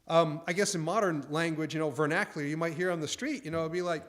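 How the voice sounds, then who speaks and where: A man's voice: a little high, fast, few pauses, a bit bright. A man preaching a conversational sermon in a folksy way, acting out the angel's and priest's lines.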